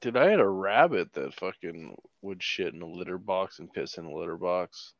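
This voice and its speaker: A man's voice: low voice, expressive, moderate pace, vocal fry, no echo, lo-fi sound. A man joking crudely and trading stories in a casual podcast chat. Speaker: podcast co-host.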